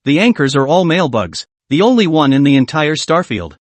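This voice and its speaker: A man playing an excited young alien assistant who boasts about his new job. The voice jumps around with animated pitch and stays dry and close. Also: fairly quick, no echo.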